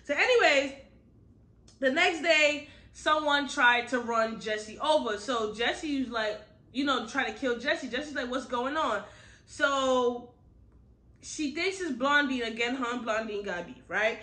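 A woman's voice: high-pitched, unhurried. A woman giving a casual book review recap, talking bluntly and with lots of slangy asides. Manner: animated, blunt, slangy storytelling with frequent asides.

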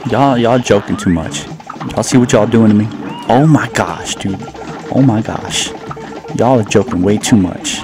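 A gaming channel host with a fairly low voice speaks at a measured pace, casually commenting on his own gameplay, joking at his own expense and repeating words. Game music plays in the background.

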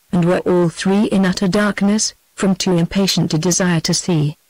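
A woman's voice: on the low side, no echo, rough recording. British synthetic female audiobook voice. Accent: British English. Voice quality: even synthetic reading. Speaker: narrator. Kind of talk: text-to-speech audiobook narration.

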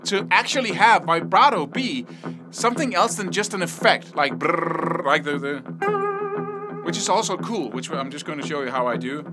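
A man's voice: a little high, lively intonation, fairly quick. A man giving a casual guitar lesson, rambling a little and counting and scatting rhythms aloud as he demonstrates. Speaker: guitar teacher. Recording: guitar playing under the voice.

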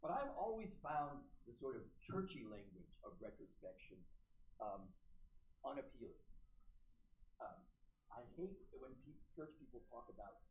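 A man's voice: mid-range voice, very animated, measured pace, pauses often, a little mellow. A man in his sixties, a seminary president giving a reflective convocation address with frequent ums and restarts. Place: large meeting hall, indoors. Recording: echoey hall.

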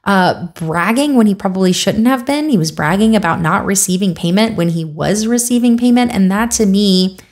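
A woman's voice: mid-range voice, normal speed, hardly any pauses, darkish tone. Woman giving a casual opinion vlog. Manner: casual, conversational, wry with frequent fillers. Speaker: video creator.

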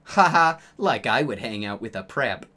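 A man's voice: mid-range voice, animated, moderate pace, bright, forceful tone. A man doing a sulky gothic teen wizard. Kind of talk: comedic dramatic reading.

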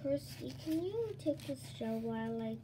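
A caring storybook girl, urgent but reassuring, as a woman reads her. Her voice lifts high. Background hiss runs under it. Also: animated, moderate pace. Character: caring young girl, quick to help.

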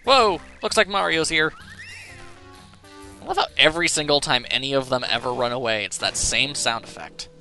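A man's voice: medium pitch, moderate pace, bright, forceful tone. A man giving sarcastic, joking commentary while playing a video game. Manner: wry and sarcastic. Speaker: let's player. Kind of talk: gameplay commentary. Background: faint game music.

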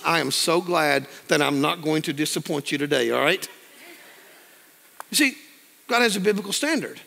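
A man in his fifties preaches in a long-echoing church hall. His voice sits high and gravelly. He tells folksy stories and acts out other people's voices as he goes. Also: lively intonation, moderate pace, pauses often, bright, forceful tone. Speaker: pastor. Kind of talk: sermon. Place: church sanctuary.

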